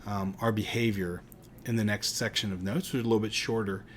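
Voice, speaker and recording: A man's voice: lowish voice, fairly even intonation, a little fast, slight background noise. A middle-aged man from Pittsburgh with a light Pittsburgh accent, giving a casual, rambling recorded psychology lecture. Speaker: psychology teacher.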